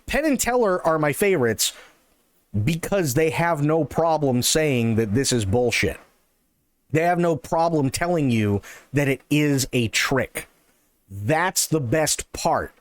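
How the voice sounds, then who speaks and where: A male streamer rants in a sarcastic, swear-heavy style on a live stream, his voice pitched high and swinging widely up and down. The sound is close and dry, with no room echo. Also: slow pace. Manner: profane, sarcastic, animated ranting. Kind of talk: casual ranting chat.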